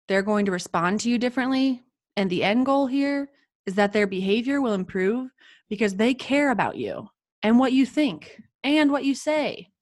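A woman co-hosting a podcast for teachers, giving warm advice and acting out kind phrases meant for children. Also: on the high side.

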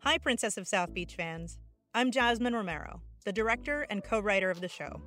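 A woman's voice: mid-range voice, expressive, fairly quick, a bit bright. A show's director and co-writer welcomes listeners in a friendly, scripted manner. Faint music plays under her voice. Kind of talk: scripted introduction.

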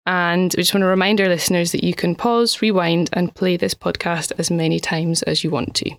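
A woman co-hosting a language podcast as the learner, asking questions and slowly repeating phrases after her teacher. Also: lowish voice, steady tone, no room sound, clean studio sound. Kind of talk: scripted language lesson chat.

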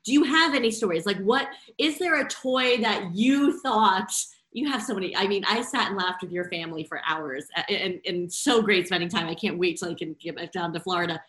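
A woman's voice: mid-range voice, a little fast, hardly any pauses, fairly bright tone. A woman hosting an interview who speaks with enthusiasm, laughs often and stumbles over her words. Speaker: interview host. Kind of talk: conversational interview. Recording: echoey room.

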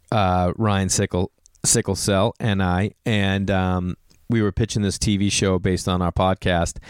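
A man, a podcast host, telling rambling, self-deprecating stories in casual chat, often clearing his throat and rising in pitch as he gets excited. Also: dry recording, studio quality.

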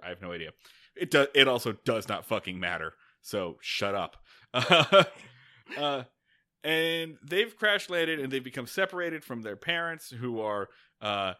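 A man's voice: medium pitch, bright, forceful tone. A man co-hosting a podcast, chatting casually and jokingly about movies, swearing now and then and laughing as he talks. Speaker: podcast co-host. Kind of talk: casual comedic movie chat.

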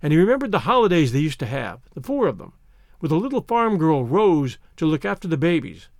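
A man narrates a story in a measured, expressive reading voice. His pitch sits high and moves freely, and the recording is close and dry with no room sound. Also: creaky, dry recording.

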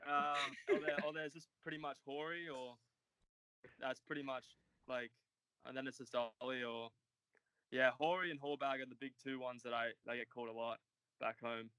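A young Australian man in his twenties answers podcast questions in a loose, rambling way, with plenty of filler words. His voice is bright and forward, and the sound is dry and close. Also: mid-range voice, fairly even intonation, moderate pace, clear, resonant tone, no room sound, low-quality recording. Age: 20s. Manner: laid-back and rambling, heavy on "like" and "uh". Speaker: podcast guest, college runner. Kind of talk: casual interview chat.

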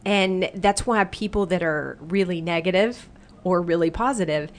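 A woman's voice: on the low side, moderate pace. A middle-aged woman, a guest who runs workshops, explaining in casual talk and playfully acting out voices in quotes. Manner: animated, acts out the brain's inner voice in playful quotes.

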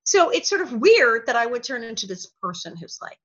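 Woman, interview guest, animated storyteller, bright forceful voice, dull lo-fi sound. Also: on the high side, a little fast. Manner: lively, laughs often, acts out quoted voices. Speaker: guest, former actress.

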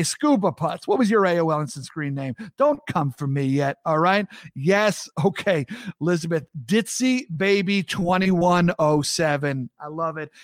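A man's voice: on the high side, dry recording, clean studio sound. A man in his thirties from the US East Coast, hosting a casual show and joking with his chat in an upbeat way. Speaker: podcast host.

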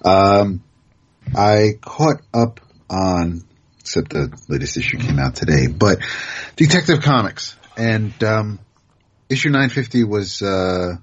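A man's voice: lowish voice, animated, slow pace, highs cut off, slight background noise. A man co-hosting a casual comics podcast. He talks in a laid-back, hesitant way with fillers.

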